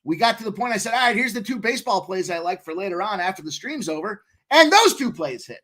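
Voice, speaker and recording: Male co-host, higher voice, brash, cursing, hyped betting talk. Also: lively intonation, fast, few pauses, bright, forceful tone. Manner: brash, profane, hyped and boastful. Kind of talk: casual sports betting chat.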